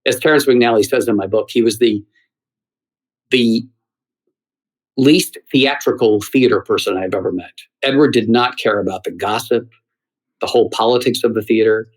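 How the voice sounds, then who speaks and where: A middle-aged man from the United States, a theater critic, telling lively stories as a guest in an interview. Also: medium pitch, moderate pace, pauses often, poor audio. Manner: animated storyteller who acts out quoted voices. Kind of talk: anecdotal interview storytelling.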